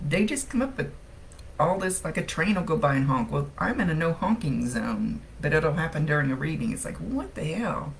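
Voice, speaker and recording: A woman talking through a live psychic reading in a relaxed, chatty way. Her voice carries a gravelly fry, and she laughs often. A faint noise sits under her voice. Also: low voice. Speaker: psychic medium. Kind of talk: live-streamed reading, casual chat.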